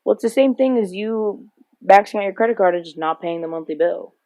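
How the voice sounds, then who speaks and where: A woman's voice: medium pitch, brisk, dark tone. A young woman co-hosting a podcast in casual chat, telling stories at length, often laughing and swearing freely. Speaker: podcast co-host.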